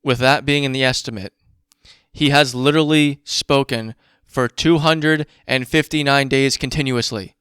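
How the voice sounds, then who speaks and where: Smooth, heated man ranting on a podcast. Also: medium pitch, fairly even intonation, normal speed, fairly bright tone, no echo, clean studio sound. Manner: profane, worked-up ranting with running math. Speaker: podcast host. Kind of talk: casual ranting commentary.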